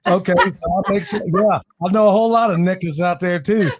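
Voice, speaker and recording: A man's voice: high voice, fairly quick, a crowd in the background. A man hosting a casual interview, joking and laughing often. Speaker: host.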